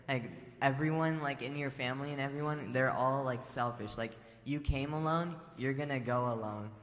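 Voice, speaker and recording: A man's voice: mid-range voice, fairly bright tone, a little hiss or hum. A man telling a spiritual story to a temple assembly in a casual way, full of fillers and restarts. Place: large temple assembly hall. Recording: long reverb hall.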